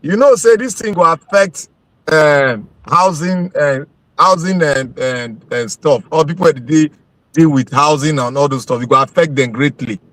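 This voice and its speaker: A man with a Nigerian Pidgin accent on a discussion panel, insistent and quick to laugh. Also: fairly high pitch, a bit bright, no room sound. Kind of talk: heated group discussion.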